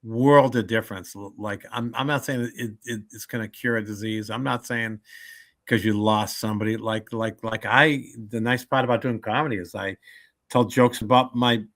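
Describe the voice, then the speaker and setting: A comedian being interviewed on a podcast, his voice bright and forceful. He tells his stories with animation and slips into voices for the people he quotes. Between the stories he stumbles and restarts his sentences as he thinks. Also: fairly low pitch, moderate pace. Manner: animated storyteller who acts out quoted people; frequent restarts and stammers when thinking. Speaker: comedian and motivational speaker.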